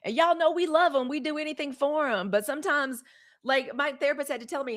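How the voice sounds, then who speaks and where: A woman's voice: sits high, fairly quick, fairly bright tone. A woman, hosting a live news show in a dramatic, testifying way. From Mississippi, US. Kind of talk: casual livestream chat.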